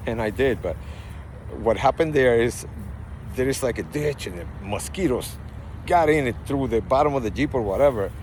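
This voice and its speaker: A man's voice: mid-range voice, moderate pace. Puerto rican guy rambling into his phone in a parking lot, medium voice, a little traffic noise behind. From Puerto Rico. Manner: rambling, animated storytelling with frequent asides. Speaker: vlogger. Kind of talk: casual vlog talk. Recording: faint outdoor traffic noise.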